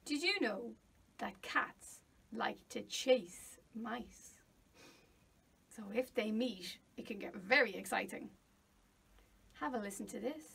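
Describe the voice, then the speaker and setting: A woman music teacher singing and talking to young children, slow, clear and playful, sometimes dropping to a whisper. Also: on the high side, expressive, a bit bright, far from the mic. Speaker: early years music teacher.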